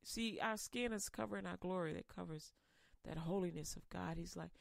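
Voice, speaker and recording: A woman radio preacher giving an impassioned sermon, swinging between loud emphasis and quiet asides. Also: on the low side, moderate pace, creaky, dry recording, clean studio sound.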